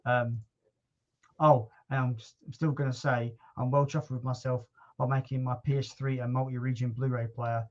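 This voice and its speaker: A man hosting a casual livestream chat, relaxed and chatty, with casual swearing. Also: mid-range voice, normal speed, dull audio. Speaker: livestream host.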